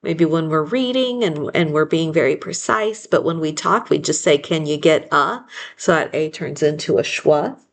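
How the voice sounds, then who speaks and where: Speaking in a deep voice with lively intonation, this woman moves at a moderate pace with few pauses. It's a phonics lesson delivered as slow dictation: she breaks words into syllables patiently and keeps fixing her own slips with little apologies.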